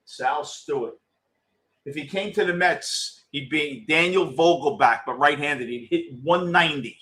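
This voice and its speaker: Blunt, excitable New man commentating. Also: a little slow. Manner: blunt, excitable, swears freely, reacts to pitches. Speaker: postgame show host. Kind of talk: casual live game commentary with viewers.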